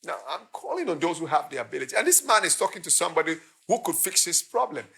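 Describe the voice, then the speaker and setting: Male preacher, impassioned sermon delivery, high and bright. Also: big pitch swings, quick pace, gravelly, breathy edge. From Nigeria. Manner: impassioned preaching, acting out quoted voices. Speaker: pastor.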